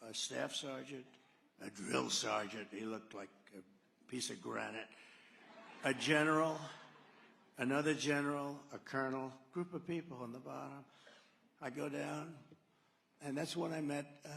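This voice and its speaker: The campaign rally speech here is sarcastic and wandering, with the candidate spinning stories and performing quotes. He has a mid-range voice with vocal fry and a fairly bright tone, heard with echoey hall reverb in a large rally venue.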